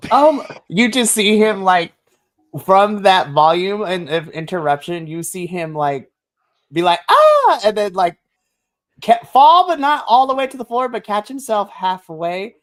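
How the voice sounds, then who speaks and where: A woman's voice: mid-range voice, expressive, a little slow. A woman narrating a tabletop game as game master, rambling with lots of fillers and giggles.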